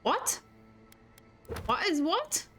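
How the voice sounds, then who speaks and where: Excitable woman streamer, high lively voice. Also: extremely slow, poor audio. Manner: excitable, blurting exclamations and mild curses. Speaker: gaming streamer. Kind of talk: casual gameplay commentary. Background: game music.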